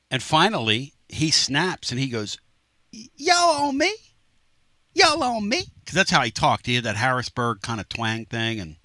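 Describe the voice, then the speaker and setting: A man hosting a sports talk radio show, telling animated stories in a brash, lively way. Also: medium pitch, no room sound, studio quality. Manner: animated storyteller, does mock voices, brash.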